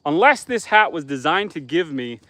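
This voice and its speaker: A man's voice: fairly high pitch, sing-song, normal speed, fairly bright tone, slight background noise. A man from Northern Canada with a Canadian accent, casually chatting on a livestream from his homestead, rambling and easygoing with plenty of ums and restarts. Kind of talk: casual livestream chat, reading viewer comments. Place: outdoors at an off-grid homestead by a bonfire.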